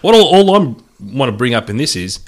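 A man's voice: medium pitch, sing-song, fairly quick. A man with an Australian accent co-hosting a casual sports podcast, making his points with emphatic conviction. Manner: emphatic and opinionated. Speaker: podcast co-host.

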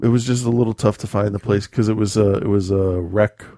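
A man with a fairly low voice tells a story in loose, casual chat, often stopping to correct himself and laughing along the way. The sound is dry, with no room echo. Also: steady tone, a little fast, mellow.

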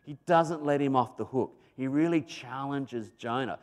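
A man with an Australian accent preaching a sermon, telling a story animatedly and swinging between loud emphasis and soft asides. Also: medium pitch, moderate pace.

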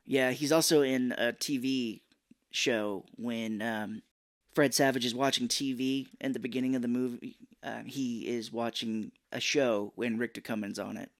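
A man's voice: mid-range voice, fairly even intonation, no echo, clean studio sound. Chatty man co-hosting a movie podcast. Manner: chatty, joking, does quick silly voices. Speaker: podcast co-host. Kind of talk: casual movie-review chat.

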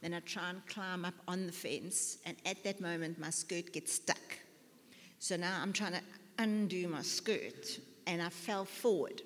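A woman's voice: lowish voice, a little slow. A woman giving a conversational sermon, chatty and self-mocking, with many fillers and restarts. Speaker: lay preacher. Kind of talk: conversational sermon with personal stories. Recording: long hall reverb.

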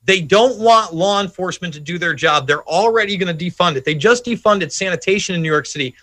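High-voiced guy, bright sharp tone, fed up, cusses a lot. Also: a little fast. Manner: blunt, swearing, exasperated. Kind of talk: casual chat.

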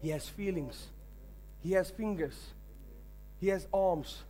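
A high-pitched man preaching a sermon as pastor. He drives points home with repetition and rising emphasis, urging the congregation to answer back. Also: slow pace, dark tone. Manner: emphatic preaching with call-and-response.

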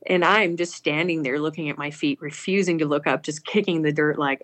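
A woman's voice: low-pitched, fairly quick, hardly any pauses. A woman earnestly telling a personal story aloud, acting out the people she quotes. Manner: earnest, animated, acts out quoted speech.

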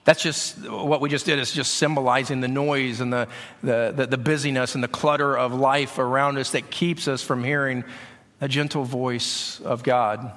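Bright-voiced pastor preaching in a hall. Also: male voice, mid-range voice, fairly even intonation, moderate pace. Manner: conversational, often repeating words. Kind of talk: sermon. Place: church sanctuary. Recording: long reverb of a church hall.

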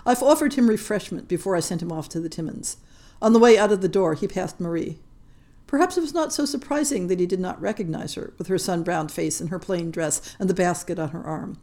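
A woman's voice: fairly low pitch, a little fast, warm tone. Woman reading a story. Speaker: podcast story reader. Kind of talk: scripted narration.

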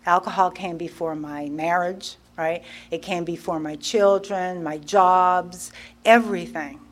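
A woman's voice: fairly low pitch, steady tone, unhurried. Candid middle-aged woman telling her story. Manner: emotional, candid, acts out her past self. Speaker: guest speaker sharing recovery story. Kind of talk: personal storytelling at a recovery meeting.

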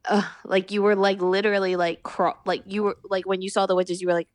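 A woman's voice: medium pitch, level tone, a little fast, no room sound, clean studio sound. Chatty woman full of "like" fillers. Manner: chatty, heavy "like" fillers, acts out reactions. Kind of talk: casual chat about a film.

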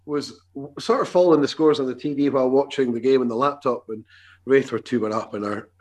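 A man co-hosting a podcast, telling quick, animated anecdotes in casual chat. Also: mid-range voice. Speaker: podcast co-host.

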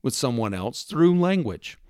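A man's voice: medium pitch, big pitch swings, measured pace, darkish tone, smooth, no echo, clean studio sound. A man delivering an opinion monologue, emphatic and sarcastic, lecturing with rhetorical questions. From United States. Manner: mimics accents in quoted lines. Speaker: commentator.

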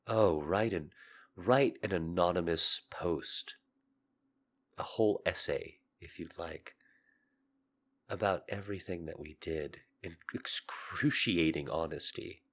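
A man hosting a podcast with a sick, hoarse voice, talking in an intimate confessional monologue. He is earnest and seductive, swinging between loud urging and soft murmurs. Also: low voice, slow pace. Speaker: podcast host.

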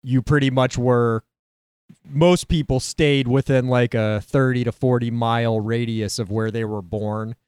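A man's voice: medium pitch, fairly even intonation, measured pace, a little mellow, clean tone, dry recording, studio quality. A man hosting a casual podcast chat, teasing and arguing with his guest. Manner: teasing, argumentative banter.

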